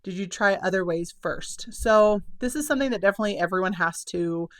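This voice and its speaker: A woman's voice: medium pitch, fairly quick. A young woman with a drawl talks casually to her viewers. She is a little out of breath, upbeat and chatty. Her words run together with "kind of" and "like.". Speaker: self-published children's book author and channel host. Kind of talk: casual chat to camera.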